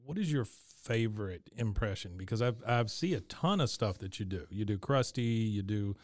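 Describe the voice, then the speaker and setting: A man's voice: fairly low pitch, lively intonation, normal speed, no room sound, clean studio sound. A man co-hosting a podcast, interviewing a guest with friendly questions and easy laughter. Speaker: podcast co-host. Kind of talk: casual interview.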